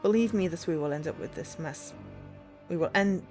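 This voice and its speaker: A brisk, authoritative male investigator gives orders in a stern voice, played by a woman. The register stays fairly low. Light music plays in the background. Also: darkish tone, natural voice.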